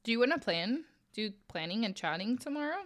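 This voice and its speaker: A woman streamer chatting casually with her viewers while crocheting, playful and quick to laugh. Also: fairly high pitch, very animated. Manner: playful, laughs often, reads chat aloud.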